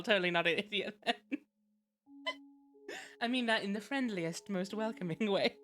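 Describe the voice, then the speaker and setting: A woman's voice: medium pitch, normal speed, pauses often, fairly bright tone. A woman streaming a game, chatting casually, laughing often and thanking viewers. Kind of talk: casual live-stream chat.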